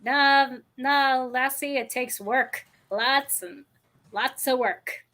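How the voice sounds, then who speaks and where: Woman voicing a gruff Scottish craftsman, high bright tone, scoffing. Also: slow pace, exaggerated voice. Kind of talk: reading a story character aloud.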